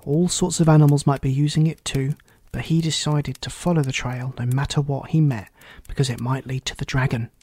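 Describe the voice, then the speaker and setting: A man narrating a children's storybook aloud in a steady, clear reading voice. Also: mid-range voice, fairly quick, few pauses.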